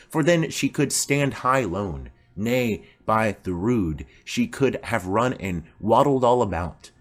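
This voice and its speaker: A man voicing a chatty, rambling old female nurse in an audiobook play reading. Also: lowish voice. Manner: rambling, garrulous.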